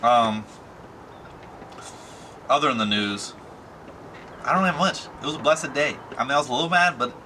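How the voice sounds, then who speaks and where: A young man talks straight to his camera in a loose, rambling way, full of fillers and casual slang. His voice sits at an ordinary middle pitch. A clear, steady background noise runs under everything he says. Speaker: vlogger.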